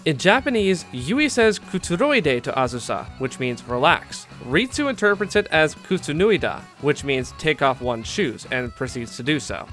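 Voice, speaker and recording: Man, slightly high voice, bright tone, scripted video-essay narration, eager fan asides, faint music behind. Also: very animated, moderate pace, hardly any pauses. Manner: enthusiastic, candid fan commentary with asides. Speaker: YouTube anime commentator.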